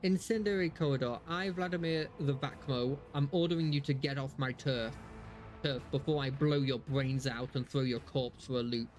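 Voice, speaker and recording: A man's voice: mid-range voice, fairly even intonation, normal speed, soft background music, lightly acted. A man reading aloud the lines of a young, bloodthirsty bandit in a game, in a lazy drawl. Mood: threatening.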